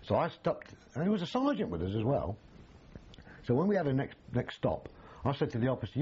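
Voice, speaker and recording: A man's voice: mid-range voice, fairly quick, slightly rough, lo-fi sound. Older man telling war stories. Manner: animated, acts out quoted voices, frequent restarts. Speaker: army veteran interviewee. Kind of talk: storytelling reminiscence.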